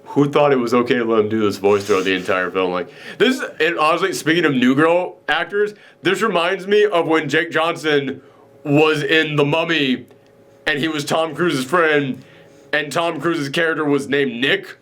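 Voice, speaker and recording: A man talking in a loose, casual film reaction chat with a somewhat high voice. He rants and rambles, trips through fillers and restarts, and keeps slipping into mock voices to act out what characters say. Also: moderate pace. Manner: animated ranting, acts out quoted lines in mock voices. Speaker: podcast host reviewing a film.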